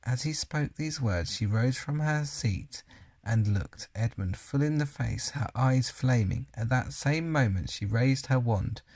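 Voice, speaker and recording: Gravelly man reading a storybook aloud. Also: mid-range voice, a little slow, darkish tone. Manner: unpolished reading, occasional slips and self-corrections. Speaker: reader.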